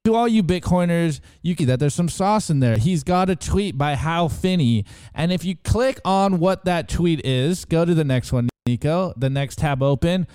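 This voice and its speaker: A man co-hosting a show, running through memes in an excitable, slangy way and directing his co-host. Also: on the high side, normal speed, smooth. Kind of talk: casual show commentary.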